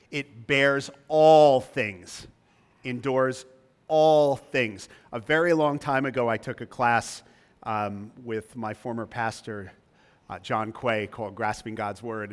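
A man preaching a sermon, emphatic, his voice rising high when he reads scripture aloud. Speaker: pastor. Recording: long reverb of a large hall.

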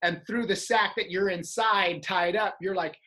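Animated man with a bright voice. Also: high-pitched, moderate pace, rough recording. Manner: animated, laughing storyteller. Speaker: former stage partner, performer. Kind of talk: casual reminiscing chat.

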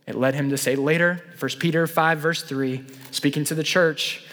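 A man preaching a sermon to his congregation, swinging between loud, fervent peaks and soft, slow passages. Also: fairly high pitch, fairly even intonation. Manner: impassioned, building to loud peaks and dropping to soft, slow lines. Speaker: pastor. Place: church sanctuary. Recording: long hall reverb.

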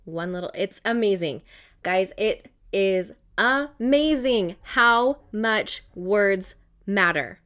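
A woman, a mother in her thirties, giving casual motivational talk to camera and acting out her own inner voice in a chatty, animated way. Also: mid-range voice, takes it slowly. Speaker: mindset vlogger.

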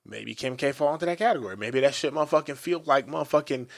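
A young man co-hosting a podcast, telling crude stories in a profane, animated way with sudden jumps in his voice. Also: mid-range voice, fast talker, creaky. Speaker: podcast co-host. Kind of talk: crude comedic podcast banter.

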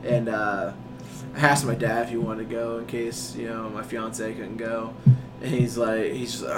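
A man's voice: mid-range voice, little pitch movement, normal speed, loud music behind the voice. A young man in casual chat as a podcast co-host, rambling and stumbling over his words, laughing often. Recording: noisy room.

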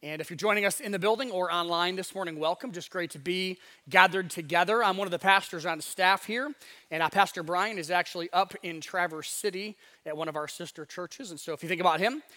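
A male pastor with a high, bright voice preaches in a casual, chatty style from a church sanctuary. He speaks conversationally and slips into acted-out voices as he talks. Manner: conversational, acts out voices in asides. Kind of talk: casual sermon.

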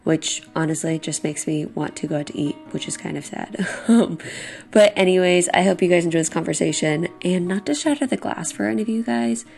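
A woman's voice: on the low side, animated, fairly quick, gravelly, a little mellow, soft background music. A young woman hosting a casual podcast, chatty, laughing often and saying "like" a lot. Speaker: podcast host.

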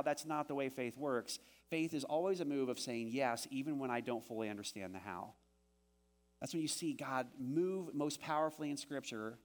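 A man preaching a sermon as pastor, animated and acting out the quoted voices of the story he tells. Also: normal speed. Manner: animated, acts out quoted voices with rising pitch.

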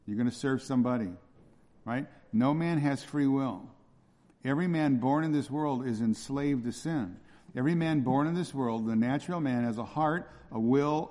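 Here the preacher's voice is darkish and medium in pitch. He's a pastor giving an expository sermon, and he repeats points emphatically while posing rhetorical questions to see if listeners follow. The church hall lends the recording a long reverb.

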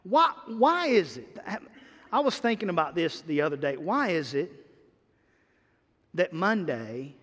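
High-pitched preaching man in an echoing hall. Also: measured pace. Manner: animated preaching with sudden loud and soft swings. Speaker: pastor. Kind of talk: sermon. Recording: long hall reverb.

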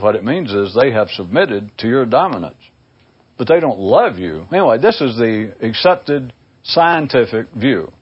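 A man giving a rambling, discursive spoken monologue to his listeners on a dull, lo-fi recording. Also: slightly rough. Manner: discursive, acts out imagined people in a high voice. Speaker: speaker addressing listeners.

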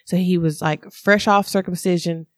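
A woman's voice: on the low side, moderate pace, no echo, studio quality. Chatty woman telling a candid story. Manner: candid, animated storytelling with laughs. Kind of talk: casual chat.

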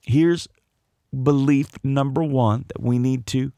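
A man's voice: medium pitch, steady tone, takes it slowly, mellow, no room sound. A male pastor preaching a sermon, building rhythmic lists of repeated phrases and chuckling now and then.

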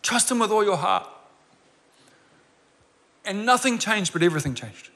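Man in his 40s, pastor, bright forceful voice, earnest sermon delivery with emphatic repeats, long hall reverb. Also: high voice, expressive, moderate pace. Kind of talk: sermon with personal story.

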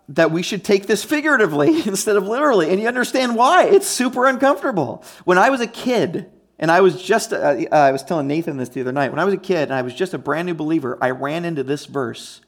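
A man's voice: high voice, lively intonation, a little fast. A man preaching a conversational teaching sermon, emphatic and often checking in with his listeners. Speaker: pastor.

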